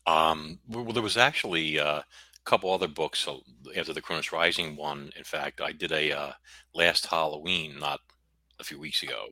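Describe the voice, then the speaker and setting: A man's voice: a bass voice, normal speed, sharp tone, no room sound. A middle-aged man with a faint Brooklyn accent, a guest author rambling on a video call and stopping himself mid-sentence. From United States. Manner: rambling, self-interrupting, reads a synopsis aloud. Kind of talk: casual interview chat.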